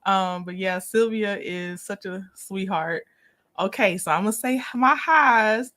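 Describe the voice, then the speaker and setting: A woman hosting a casual livestream, greeting viewers by name, lively and quick to laugh. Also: mid-range voice. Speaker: livestream host.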